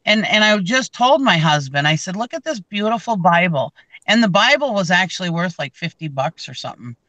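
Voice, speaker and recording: A woman's voice: on the low side, very animated, a little fast, bright, forceful tone, no room sound, low-quality recording. A woman hosting a casual chat, telling a long story with lots of fillers and restarts. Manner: rambling, many fillers and restarts. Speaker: reseller channel host.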